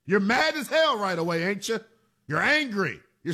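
Man, sports radio host, high voice, very lively pitch, emphatic, repetitive punchy delivery. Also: normal speed. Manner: animated, emphatic, repeats phrases for punch. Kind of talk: sports talk radio monologue.

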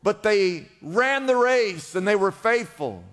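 High-voiced preacher in a reverberant hall. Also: male voice, lively intonation, slow pace, fairly bright tone. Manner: emphatic, repetitive exhortation. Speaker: pastor. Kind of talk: sermon. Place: church in Los Angeles.

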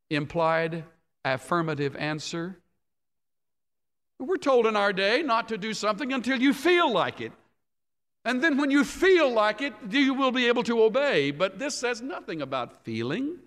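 A man preaching a sermon in an emphatic, dramatic way, sometimes dropping to a hush, in a large hall. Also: high voice, big pitch swings, moderate pace. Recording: long hall reverb.

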